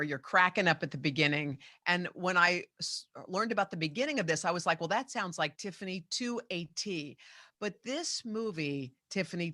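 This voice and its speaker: A talk show host asks questions eagerly and showers the guest with praise. The voice is bright and forceful, recorded dry and close. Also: medium pitch, no room sound. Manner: warm, enthusiastic interviewer with soft affirmations.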